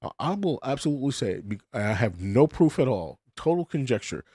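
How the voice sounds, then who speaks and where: A man's voice: mid-range voice, sing-song, brisk, dark tone, breathy edge, no echo, clean studio sound. A middle-aged man hosting a podcast, rambling bluntly through a casual monologue full of restarts and swearing. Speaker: podcast host.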